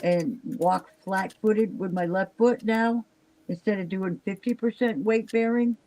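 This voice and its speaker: Brief: older woman, exhausted, rambling casual chatter, mid-pitch voice. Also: measured pace, warm tone, low-quality recording. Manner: rambling, chatty, trails off with fillers. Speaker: live stream chat participant. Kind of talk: casual chat.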